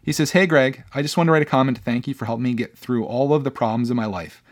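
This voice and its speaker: A man's voice: medium pitch, very fast, darkish tone. A young man hosts his own podcast and talks in an easy, casual way. He sounds earnest and chatty, with plenty of fillers and restarts as he reads out listener comments and responds to them. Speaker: podcast host. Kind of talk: casual solo podcast talk.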